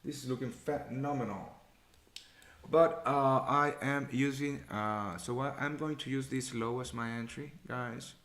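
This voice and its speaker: A man's voice: mid-range voice, unhurried, a bit bright. A man hosting a live trading show, chatting casually, thinking aloud, muttering figures and swearing now and then. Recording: echoey room.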